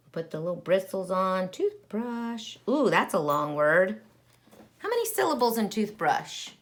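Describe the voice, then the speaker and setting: A woman teaching a kindergarten lesson, talking directly to young children in a warm, exaggerated teacher voice with wide swings. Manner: slow, sing-song teacher voice with big pitch swings.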